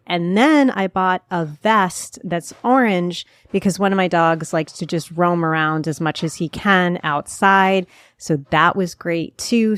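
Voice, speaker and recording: A woman's voice: on the low side, clean tone, no echo, clean studio sound. A middle-aged woman with a New Jersey accent hosting a local podcast, chatty and self-deprecating with rambling asides. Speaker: podcast host.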